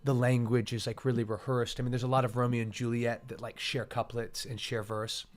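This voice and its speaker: A man's voice: medium pitch, little pitch movement, fairly quick, soft background music. A man, hosting a casual chat and eagerly explaining how to read Shakespeare verse. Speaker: host.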